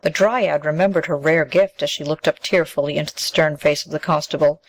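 A woman narrating a fairy tale in a measured, expressive storybook reading. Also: low-pitched, rough recording.

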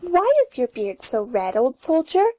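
A woman's voice: on the high side, sing-song, moderate pace, darkish tone. A woman playing a vain, flustered young girl who stammers and hesitates. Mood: girlish. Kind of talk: amateur play reading.

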